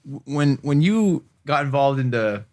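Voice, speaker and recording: A man's voice: medium pitch, lively intonation, unhurried, darkish tone. A man hosting a podcast in casual chat, blunt and laughing, swearing freely. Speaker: podcast host.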